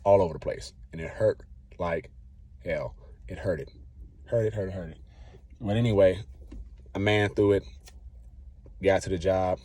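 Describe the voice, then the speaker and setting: A man vlogging tells a personal story in a casual, rambling way, acting out in slangy talk what he said back then. His voice is low, warm and steady, at a normal speed with long pauses.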